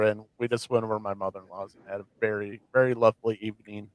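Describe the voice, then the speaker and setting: A man's voice: on the low side, level tone, very fast, no echo, rough recording. Male podcast host, casual and rambling, dry close-miked sound. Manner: rambling, many fillers and restarts. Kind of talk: casual chat.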